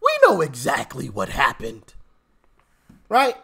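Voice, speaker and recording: A man's voice: mid-range voice, wildly swooping pitch, takes it slowly, vocal fry, pushed and bright, breathy edge. A man hosting a political commentary channel, ranting sarcastically and stammering as he repeats himself.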